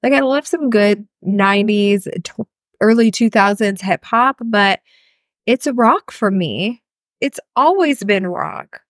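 A woman's voice: mid-range voice, expressive, slow pace, no room sound, clean studio sound. A woman in her thirties hosting a podcast as a healer coach, talking casually and frankly, cussing freely. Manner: chatty, frank, cusses freely. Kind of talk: casual solo podcast talk.

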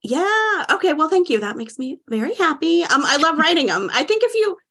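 Woman podcast guest, animated rambler, fillers galore, voice a touch high. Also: brisk. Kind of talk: casual chat.

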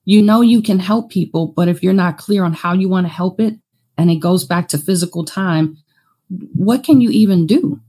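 A woman's voice: lowish voice, normal speed, breathy edge. A woman therapist and business owner, talking frankly and casually as a guest in an interview. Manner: frank, animated, slips into quoted self-talk.

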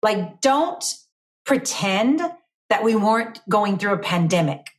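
A woman's voice: medium pitch, lively intonation, slow pace. A middle-aged woman, a school superintendent, answering interview questions in an earnest, emphatic way.

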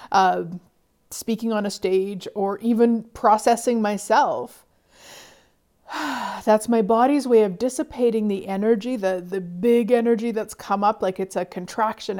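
A middle-aged woman coaching listeners about money, soft-spoken, sighing often and dropping to whispers. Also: medium pitch. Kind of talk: motivational talk.

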